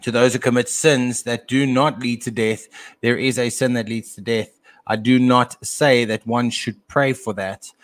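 A man co-hosting a casual talk show and teaching from scripture, often pausing and repeating words as he thinks aloud. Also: medium pitch, fairly even intonation. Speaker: podcast co-host and Bible teacher; father.

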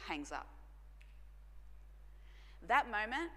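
A woman pastor, telling a personal story in a sermon, earnest and dropping to hushed tones for emphasis. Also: mid-range voice, measured pace. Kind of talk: sermon testimony. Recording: long hall reverb.

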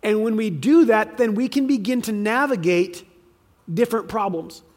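High-voiced man preaching conversationally. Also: normal speed. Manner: acts out quoted speakers in lively voices; plain and direct, with restarts. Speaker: teacher on faith and parenting. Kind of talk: conversational sermon.

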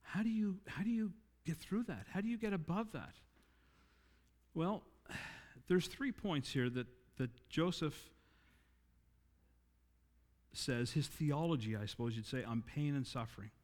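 A man preaching a sermon in an earnest way, rising louder and higher to stress his points and slowing on key lines. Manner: earnest, rises in pitch and volume for emphasis, slows on key lines. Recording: long reverb in a hall.

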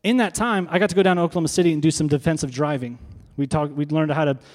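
In a hall full of echo, a pastor preaches a sermon with a fairly high, slightly mellow voice and a rapid-fire delivery. He keeps it conversational, putting rhetorical questions to his congregation.

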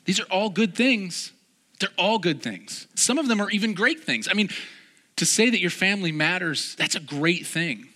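Male pastor, slightly high, bright voice, animated self-mocking storyteller, long hall reverb. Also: moderate pace. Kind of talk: sermon with personal storytelling. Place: large hall before a live gathering.

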